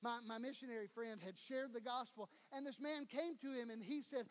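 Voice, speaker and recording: A man's voice: very high-pitched, a little fast. A male pastor with a Southern US accent, preaching a sermon and acting out quoted voices. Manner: animated preaching with acted-out quotes.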